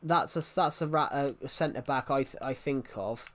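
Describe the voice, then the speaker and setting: A man's voice: mid-range voice, normal speed. A young man streaming live, chatting casually to viewers in a rambling, opinionated way and answering chat comments. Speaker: gaming livestreamer.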